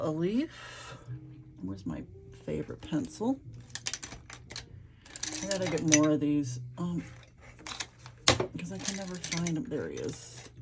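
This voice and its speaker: A middle-aged woman chatting casually as she paints swatches, gushing and thinking aloud. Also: fairly low pitch. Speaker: art vlogger.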